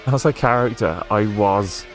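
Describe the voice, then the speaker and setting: A young man with a posh British accent chats through a racing game stream. His voice sits fairly low, and his talk wanders, full of little fillers and restarts. Faint game music plays behind him. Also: moderate pace. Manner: rambling, chatty, with frequent fillers and laughs. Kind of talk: casual gameplay stream chat.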